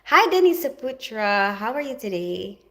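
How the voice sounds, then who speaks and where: A woman's voice: on the high side, very animated, moderate pace, fairly bright tone. A middle-aged woman chatting casually on a live stream, rambling and greeting viewers by name, with lots of "you know" and "like". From half Filipino, half British. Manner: chatty, rambling, reads viewer comments aloud.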